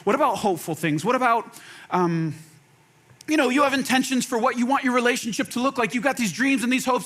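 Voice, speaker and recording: Pastor, male, high-pitched; casual animated sermon delivery with acted-out quotes and repeated lines. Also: a little fast. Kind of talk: conversational sermon.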